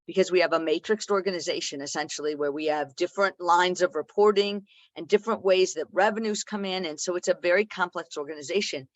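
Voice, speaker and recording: A speaker on a video call with a medium pitch, set in a dry, close sound with no room echo. They explain their background in a calm, measured way. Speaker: party officer candidate presenting plans.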